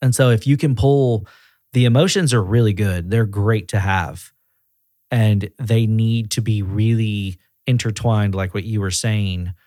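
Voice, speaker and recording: A man with a low voice talks through leadership advice in a relaxed podcast conversation. His delivery is easygoing and conversational. The recording is dry and close, with no room echo. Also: unhurried. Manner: relaxed and conversational, often acting out quoted voices. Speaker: regional director of auto repair shops, podcast guest.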